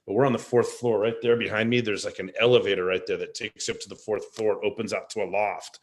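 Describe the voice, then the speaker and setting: A middle-aged man with a somewhat low voice hosts a casual live stream over a video call. He talks in a chatty, upbeat way and drifts off into asides before coming back to the point. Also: steady tone, fast. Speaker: host. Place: rented four-story house.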